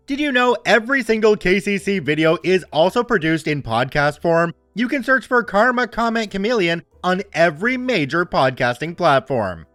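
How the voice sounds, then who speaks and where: A man's voice: sits high, moderate pace, hardly any pauses, no room sound, soft background music. A man hosting a show, reading online stories aloud with playful asides. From Canada. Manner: animated storyteller with playful asides.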